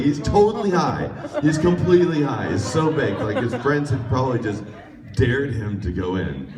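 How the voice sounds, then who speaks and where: A man's voice: mid-range voice, moderate pace. A man on a convention panel telling stories about auditions and acting out the people in them. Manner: animated, acts out quotes. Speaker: voice actor and panel guest. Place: convention hall. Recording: echoey hall, mic at a distance.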